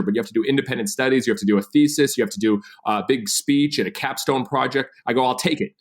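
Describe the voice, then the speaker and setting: A man's voice: mid-range voice, racing, hardly any pauses. A man in his thirties, a podcast guest telling his story with energy and animation. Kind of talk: storytelling interview.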